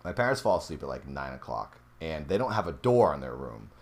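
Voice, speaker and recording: A young man casually telling a true ghost story from his youth, animated and rising in pitch when the story turns tense. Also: fairly quick. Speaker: podcast host.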